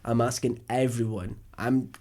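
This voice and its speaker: A man's voice: medium pitch, little pitch movement, unhurried, darkish tone. Rambling man telling a story. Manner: rambling storyteller, jokey, acts out dialogue. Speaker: podcast co-host. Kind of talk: casual chat.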